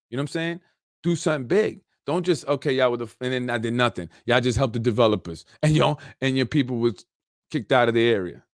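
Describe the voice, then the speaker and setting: A man's voice: medium pitch, no echo, studio quality. A man hosting a political podcast, ranting in unscripted commentary with street slang, many fillers and repeated words.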